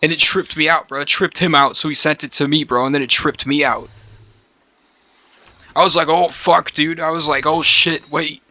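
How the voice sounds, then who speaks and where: A man chatting casually on a stream, rambling in slangy, profane talk and calling the listener bro. His voice is a little hoarse from smoking. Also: a little high, fairly even intonation, fairly quick, long pauses, bright, forceful tone.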